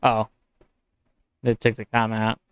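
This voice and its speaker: An American man reads his own draft aloud and chats with his viewers. His voice is smooth and even, recorded dry and close. He rambles easily and stops mid-sentence to fix his wording. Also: on the low side, a little slow, no echo. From United States. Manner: rambling and conversational. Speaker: streamer and writer.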